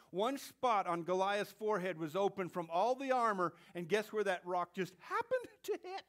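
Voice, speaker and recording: A man with a fairly high voice preaches a sermon to his congregation in church. He swings from loud, excited exclamations to hushed whispers and teases the crowd in a playful way. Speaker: pastor.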